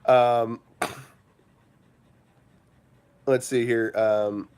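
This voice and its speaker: A man's voice: mid-range voice, little pitch movement, extremely slow, darkish tone, clear, resonant tone. A man hosting a casual morning livestream, rambling with lots of fillers and breaking into laughter. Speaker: livestream host.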